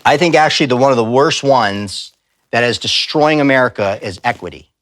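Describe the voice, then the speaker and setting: A man's voice: medium pitch, a little fast, a bit bright, dry recording. Emphatic male church speaker, dry sound. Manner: emphatic, storytelling with quoted voices. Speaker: pastor and speaker. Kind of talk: live church talk. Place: church sanctuary.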